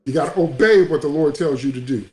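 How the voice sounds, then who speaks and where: A man's voice: on the high side, fast, warm tone, reverberant. A man preaching a sermon as a pastor, emphatic and repetitive, in a livestream broadcast.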